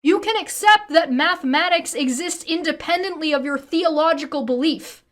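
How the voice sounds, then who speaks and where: A woman's voice: high-pitched, normal speed, a bit bright. A woman streamer giving a heated, profanity-heavy reaction rant. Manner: swears constantly, heated and ranting. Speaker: streamer reacting to a debate video.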